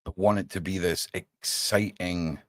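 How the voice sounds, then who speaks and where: This low-pitched man talks in an unhurried way with no echo. He's a livestream podcast host keeping things casual, animatedly chatting with viewers, calling them "mate," and swearing now and then.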